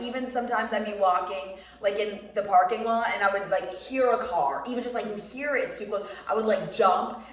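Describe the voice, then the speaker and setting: A young American woman vlogging about running, talking bluntly and swearing freely as she tells animated stories. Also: mid-range voice. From United States. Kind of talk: casual chat. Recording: roomy sound, mic somewhat distant.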